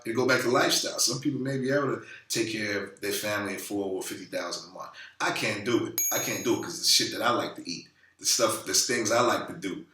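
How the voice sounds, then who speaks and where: A man's voice: on the low side, quick pace, sharp tone, recorded from a distance, a little hiss or hum. A man vlogging casually about money in a loose, profane, rambling way, full of fillers. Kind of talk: casual talking-head monologue. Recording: roomy echo, a bit off-mic.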